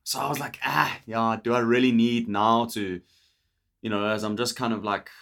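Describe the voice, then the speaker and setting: A man's voice: mid-range voice, flat delivery, normal speed, gravelly, fairly bright tone. A young man with a South African accent, hosting a casual podcast chat, talking loosely and laughing often. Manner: chatty, laughs often, restarts sentences. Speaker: podcast host.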